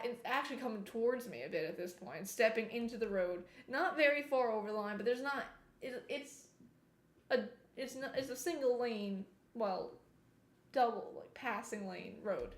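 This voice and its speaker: A chatty woman streamer with a slightly high voice tells a long story as she plays, animated and breaking off now and then to comment on the game. Her voice sounds roomy, with a clear echo around it. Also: moderate pace. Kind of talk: casual storytelling while gaming.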